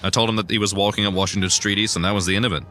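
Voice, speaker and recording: A young man chatting casually while he plays a video game, self-deprecating and given to sudden excited yelps. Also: fairly low pitch, racing. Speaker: gaming streamer. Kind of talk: casual rambling gameplay commentary.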